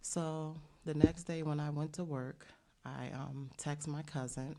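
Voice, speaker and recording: A woman's voice: low-pitched, flat delivery, measured pace, warm tone. A middle-aged woman from the United States, talking as a guest in an interview and telling an earnest story with many fillers. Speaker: bakery owner, guest.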